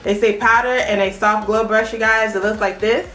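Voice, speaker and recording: Chatty, excitable woman in an echoey room. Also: medium pitch, normal speed. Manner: chatty and excitable, often addresses the viewers directly. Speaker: beauty vlogger. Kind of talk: casual unboxing chat. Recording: echoey room with faint background music.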